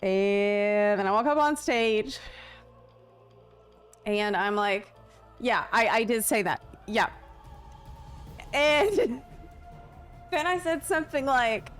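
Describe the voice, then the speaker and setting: Slow-talking woman streamer telling a story. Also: mid-range voice, soft background music. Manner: animated retelling with frequent laughter and casual swearing; acts out her own quoted lines in lifted voices. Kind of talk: casual livestream storytelling.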